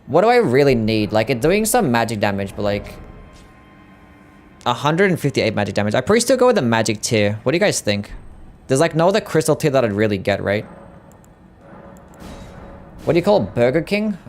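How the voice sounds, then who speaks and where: A young Australian man streams a game and chats with an Australian accent. He talks in a relaxed, sweary way, and his pitch swings up and down a lot. Faint game music plays under his desk-mic voice. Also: a little fast, long pauses. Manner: laid-back and sweary, chatting to viewers. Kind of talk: casual chat while gaming.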